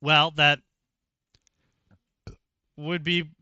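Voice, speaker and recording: Bright, crisp-voiced sarcastic man. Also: fairly high pitch, level tone, drawn-out words, dry recording. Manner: dry sarcastic asides. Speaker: co-host reading fanfiction. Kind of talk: casual chat and reading aloud on a stream. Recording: dry, dull lo-fi mic.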